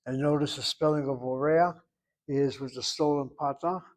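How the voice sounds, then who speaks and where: A man's voice: medium pitch, steady tone, moderate pace. A man teaching a Hebrew class, explaining grammar step by step and calling on students by name. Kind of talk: online class instruction.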